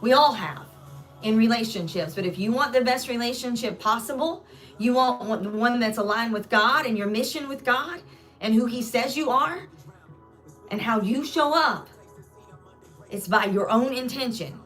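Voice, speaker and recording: A woman's voice: on the high side, normal speed, fairly bright tone, soft background music. A woman speaking as a spiritual life coach in an earnest live talk, acting out everyday exchanges between partners as examples. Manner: earnest, acts out everyday dialogue.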